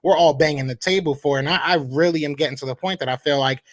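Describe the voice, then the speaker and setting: A man's voice: on the high side, quick pace, no room sound. A man, co-hosting a casual sports podcast, talking in rambling bursts with many restarts. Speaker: podcast co-host.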